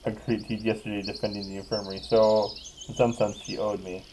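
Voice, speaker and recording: Over a noisy background, a man casually reads a visual novel aloud for a let's play, giggling often and breaking off from the narration to joke. His voice is fairly low and level, and he reads quickly.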